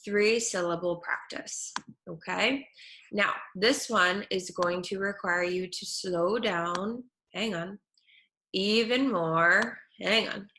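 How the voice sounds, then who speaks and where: A woman speech therapist teaching children at home, saying each word slowly and clearly. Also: medium pitch, pushed and bright, slight background noise. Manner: slow, clear over-articulation of words. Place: her home kitchen. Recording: echoey room.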